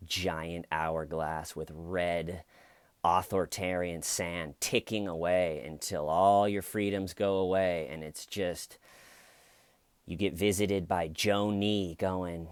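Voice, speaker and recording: A man's voice: low-pitched, fairly even intonation, slow, smooth, no room sound. A man casually telling a true crime story with jokey, sarcastic asides.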